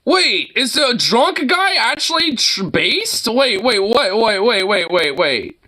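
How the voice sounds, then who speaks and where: A man's voice: extremely high pitch, very animated, slow pace, bright, forceful tone. A man streaming, reacting to clips with profane, mocking commentary and frequent laughter. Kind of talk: casual commentary.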